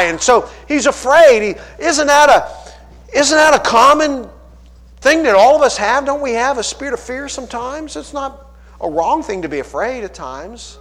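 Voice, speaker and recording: Pittsburgh guy preaching, high voice that swoops all over, folksy and animated. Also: unhurried, in a large hall. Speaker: pastor. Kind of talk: sermon.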